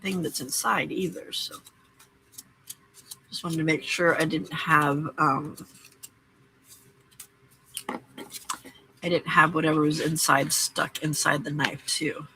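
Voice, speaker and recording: A woman's voice: sits low, steady tone, slow pace, long pauses, bright, forceful tone, slight background noise, rough recording. A woman hosting a late-night crafting livestream from her home craft room, chatting casually, greeting viewers by name and teasing herself.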